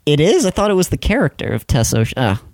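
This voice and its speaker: A man's voice: fairly high pitch, very animated, fast talker, darkish tone, no echo, clean studio sound. A man co-hosting a casual film podcast, blunt, laughing often and swearing. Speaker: podcast co-host.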